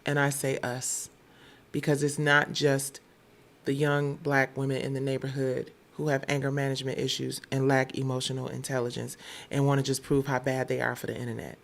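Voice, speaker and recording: A woman from Detroit hosts a casual news commentary, her voice carrying a gravelly, fry-tinged edge. She talks bluntly and with open irritation, swearing freely as she sounds off. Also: a bass voice, completely flat delivery, normal speed. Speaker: show host.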